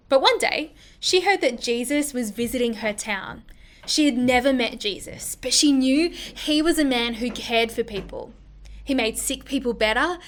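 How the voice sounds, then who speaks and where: Brief: woman, high voice, scripted kids' narration, expressive with hushed moments. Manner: expressive, drops to soft whispers.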